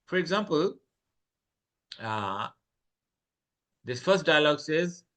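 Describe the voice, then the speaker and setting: A man's voice: on the high side, sing-song, slow pace, a bit bright. A man teaching French online, reading short dialogues aloud and translating each phrase into English.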